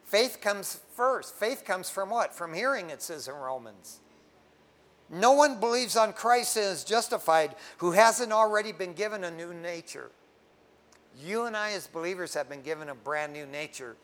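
High-voiced fervent preacher man. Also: animated, moderate pace. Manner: emphatic, rising to fervent prayer and dropping to hushed tones; conversational, says "man" often. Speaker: pastor. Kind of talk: sermon.

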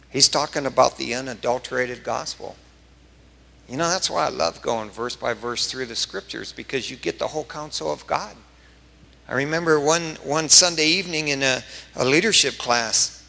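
A male pastor preaching a verse-by-verse sermon, emphatic and full of stories, his voice swinging up in excited bursts. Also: fairly high pitch, vocal fry, big-room sound.

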